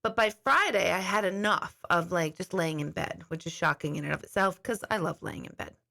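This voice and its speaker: A woman's voice: fairly low pitch, a little fast, creaky, pushed and bright. A middle-aged woman host chatting casually to her viewers, telling a long rambling story. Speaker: intuitive host.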